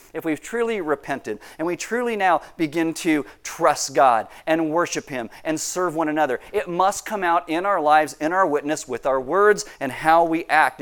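A man preaching a sermon as pastor, animated and acting out quoted voices with big leaps in pitch.

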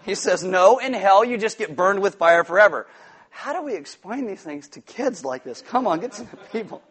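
A man preaching a sermon, telling a childhood story with lively quoted voices and asides. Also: sits high, normal speed. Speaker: pastor.

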